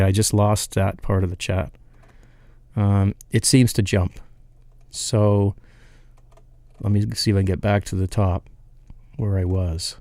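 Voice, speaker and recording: A man's voice: fairly low pitch, gravelly, dark tone, dry recording. A man hosting a live home brewing stream, chatting loosely and reading viewer comments aloud, rambling and laughing at himself as he loses his place.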